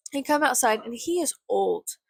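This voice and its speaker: A woman's voice: on the high side, animated, normal speed, creaky, husky, no room sound. Sarcastic swearing woman ranting. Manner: sarcastic, profane, rambling. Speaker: vlogger. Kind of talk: casual storytime rant.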